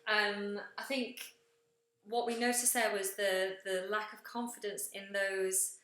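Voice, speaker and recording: A woman's voice: mid-range voice, little pitch movement, a little slow, fairly bright tone, slight background noise. A woman coaching singing during a live feedback session, explaining technique and sometimes breaking into sung demonstrations. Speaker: vocal coach. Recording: roomy echo.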